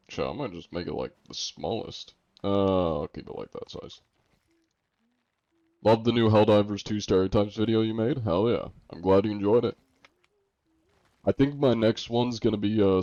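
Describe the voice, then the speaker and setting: Young American streamer, wry and joking, mellow dark tone. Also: male voice, lowish voice, dry recording. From United States. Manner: joking, reads chat aloud and answers it. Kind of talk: casual livestream chat. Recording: dull lo-fi stream audio.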